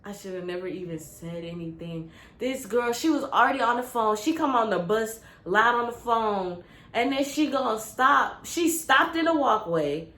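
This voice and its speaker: A young woman vlogger telling a casual, animated story with lots of slang. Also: on the high side, normal speed, a little hiss or hum. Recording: roomy with faint ambience.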